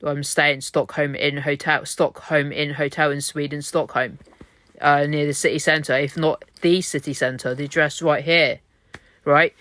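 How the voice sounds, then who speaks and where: A man's voice: a little high, level tone, measured pace, bright, forceful tone, no room sound. A man in a hotel room, rambling on in an exhausted, repetitive monologue laced with swearing. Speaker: vlogger. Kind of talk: rambling self-recorded monologue.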